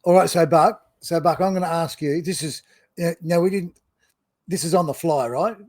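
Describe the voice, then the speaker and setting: Brief: male interviewer, slightly high voice, dry close sound, easygoing. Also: normal speed, dry recording. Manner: easygoing, encouraging prompts. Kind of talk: casual interview chat.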